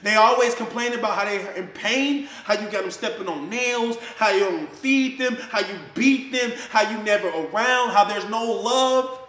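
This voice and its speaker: Man with a high voice, heated accusing rant, echoey room. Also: moderate pace, hardly any pauses, a bit bright. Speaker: social media personality. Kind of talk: confrontational rant to the camera.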